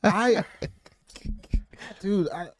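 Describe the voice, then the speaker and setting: A man co-hosting a podcast in casual chat, animated and jokey, often acting out the people he talks about. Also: sits high, extremely slow. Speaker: podcast co-host.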